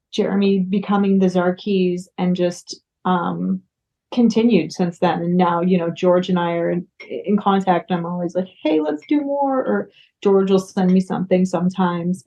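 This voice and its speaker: A woman's voice: lowish voice, warm tone. A woman from the United States, a singer-songwriter, chatting casually as an interview guest, full of fillers and restarts. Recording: dull lo-fi sound.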